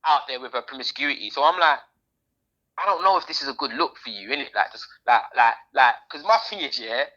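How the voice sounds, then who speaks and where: A woman's voice: extremely low pitch, lively intonation, a little fast, bright, forceful tone. A woman co-hosting a podcast, chatting in an opinionated, slangy way. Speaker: podcast co-host. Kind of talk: casual chat. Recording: dull lo-fi sound.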